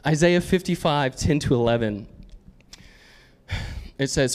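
A man's voice: mid-range voice, normal speed, darkish tone. A man preaching a sermon in an earnest, conversational way, often laughing as he talks.

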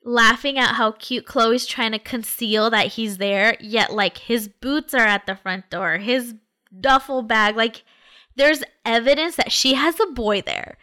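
A woman's voice: a little high, unhurried, pushed and bright, clear, resonant tone. A woman in casual conversation, animatedly retelling a story with many fillers and quoted dialogue.

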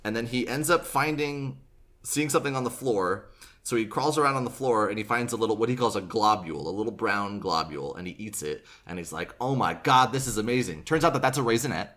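A young man, a podcast host, casually retelling a book and acting out the characters' lines in quick asides. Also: lowish voice, expressive, a bit bright.

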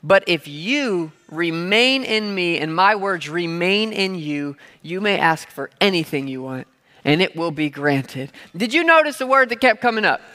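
A man's voice: high-pitched, lively intonation, unhurried, sharp tone. A man preaching a sermon as pastor, talking conversationally with playful asides and having the crowd repeat key words. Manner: playful asides and everyday examples. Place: church hall. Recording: long reverb of a large hall.

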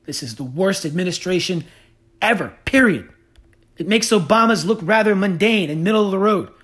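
A man's voice: high voice, animated, normal speed, a bit bright. A man hosting a podcast, delivering a heated, profane and sarcastic monologue. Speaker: podcast host.

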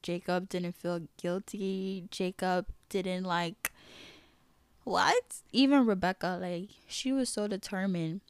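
A woman's voice: on the low side, fairly even intonation, measured pace, hardly any pauses, darkish tone, smooth, dry recording. A woman hosting a faith podcast, talking candidly and emphatically in a casual way, peppered with "like". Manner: candid, emphatic, heavy use of "like". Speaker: podcast host.

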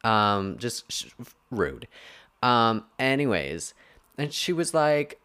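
The podcast host, a young adult man, is very animated yet slow-paced, with a medium-pitched, clean voice that comes across pushed and bright. His talk is a casual, meandering rant full of filler words and self-corrections.

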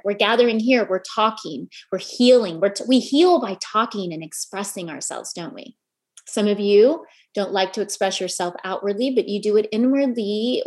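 A middle-aged woman giving an earnest motivational talk to a gathering of women, often putting questions to the audience. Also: medium pitch. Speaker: speaker addressing a women's gathering.

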